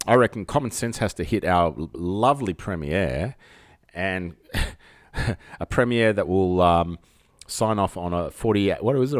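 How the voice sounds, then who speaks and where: A man with an Australian accent and a low-ish voice hosts a casual live-streamed call-in show outdoors at night under spotlights, rambling and cracking jokes at his own expense. The audio is clean studio sound with no room sound.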